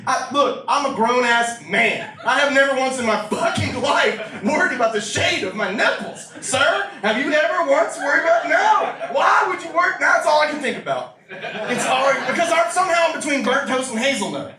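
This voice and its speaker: Male stand-up, very high-pitched, brash profane storyteller; distant roomy live-club recording with a loud crowd. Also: lively intonation, brisk. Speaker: stand-up comedian. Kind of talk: stand-up comedy set. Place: small listening room with a live audience.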